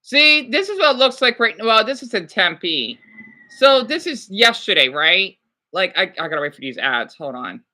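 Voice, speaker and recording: A woman's voice: medium pitch, big pitch swings, moderate pace, sharp tone. A woman vlogger chatting casually as she reacts to a news clip, talking to herself with frequent exclamations. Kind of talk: casual chat.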